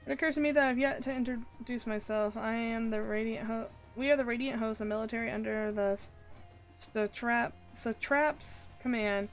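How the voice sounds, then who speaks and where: A woman's voice: fairly high pitch, fairly even intonation, normal speed, soft background music, natural voice. A woman voicing a determined frontline soldier man in a fantasy game, asking questions and vowing to fight. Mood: earnest.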